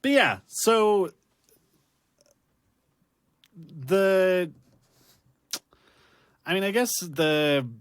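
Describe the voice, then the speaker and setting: A man's voice: high voice, expressive, very slow, long pauses, clean tone, no echo. A man hosting a casual rewatch podcast, laughing often and rambling through fillers and restarts. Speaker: podcast host.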